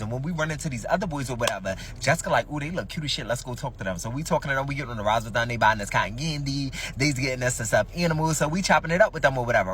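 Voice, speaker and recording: A man's voice: on the high side, fairly bright tone, distant mic, slight background noise. A man telling a dramatic first-person story in casual, slangy, profane speech, talking straight to his listeners.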